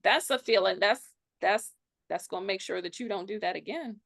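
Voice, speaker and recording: A woman's voice: medium pitch, normal speed, creaky, a bit bright, no echo. A woman coaching on pricing, telling stories in an emphatic, sassy way in casual podcast chat. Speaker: pricing coach for wedding professionals.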